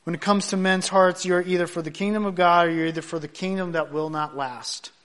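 A man preaching a sermon, building to loud emphatic points and dropping soft at the ends of thoughts. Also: high-pitched, fairly even intonation, a little fast. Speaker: pastor.

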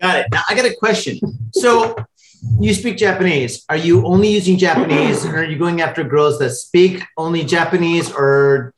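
A man's voice: a little high, normal speed, a little hiss or hum. Man asking short questions, echoey room. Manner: prompting, brief questions. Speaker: podcast co-host. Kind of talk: casual podcast interview.

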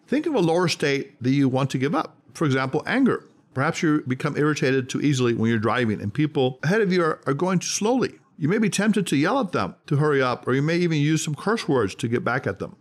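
A man hosting a self-help podcast, reading a script in an emphatic, measured way and slowing down on key words. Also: a little high.

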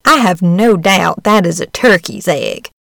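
A woman's voice: fairly low pitch, measured pace, gravelly, a bit bright, dry recording, studio quality. A woman voicing an old, know-it-all duck in a storybook reading, giving knowing advice.

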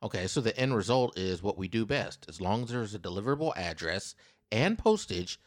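A lively male podcast host with a fairly low voice that swings widely in pitch. He reads out a news story and jokes with his co-host, his delivery playful and teasing. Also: fairly quick, no echo, clean studio sound. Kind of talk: casual podcast chat, reading a news story.

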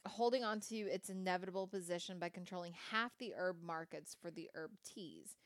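Reading a company history aloud on her podcast, a woman speaks at normal speed in a lowish voice, pausing for casual wry remarks and an odd swear word. She has the hiccups, and the audio has no room sound.

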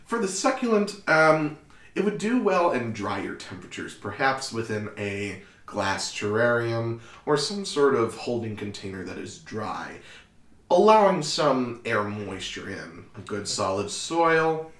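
A man's voice: medium pitch, big pitch swings, measured pace, a bit bright, reverberant. A man narrating a tabletop game as game master, playful and descriptive.

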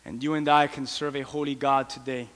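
A man preaching a sermon with impassioned pleas that rise toward shouting. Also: medium pitch, flat delivery, brisk. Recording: long hall reverb.

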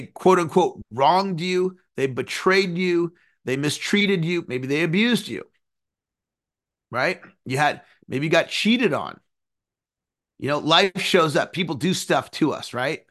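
Animated higher-voiced man teaching. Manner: earnest, animated, sings phrases. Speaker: success coach. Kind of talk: motivational teaching talk.

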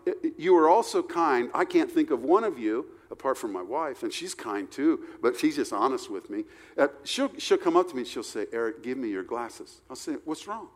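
A male pastor preaching a sermon, reading scripture slowly and with emphasis, then explaining it in an earnest, conversational way. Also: mid-range voice, long reverb tail. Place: church sanctuary.

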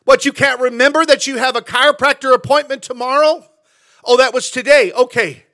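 A middle-aged male pastor preaching a sermon in a conversational, animated way, often repeating words as he goes. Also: very high voice, fairly quick. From California, USA.

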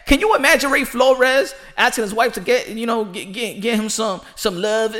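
A man with a high, bright voice gives loose, rambling boxing commentary. He's animated and laughs freely as he riffs. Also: moderate pace. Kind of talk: casual commentary.

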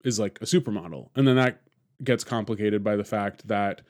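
A man's voice: on the low side, a little fast, darkish tone. A man hosting a casual film discussion podcast, rambling with fillers and restarts and laughing often. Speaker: podcast host.

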